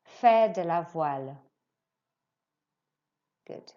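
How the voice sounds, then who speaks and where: A woman teaching a French lesson to pupils, slowly and clearly modelling phrases for them to repeat. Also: fairly low pitch, very animated, a little mellow, dull audio. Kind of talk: recorded remote lesson.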